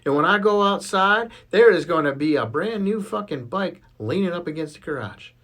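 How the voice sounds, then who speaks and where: Man playing a cheeky foul-mouthed little boy, cocky, swearing casually, lively sing-song pitch. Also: normal speed, heavily acted.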